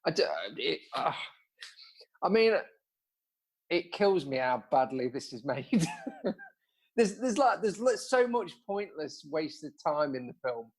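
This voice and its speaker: A man's voice: fairly high pitch, very animated, slow pace, pauses often. A man co-hosting a podcast, sarcastically mocking a bad horror film and laughing often. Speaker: podcast co-host. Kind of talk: casual chat about a film.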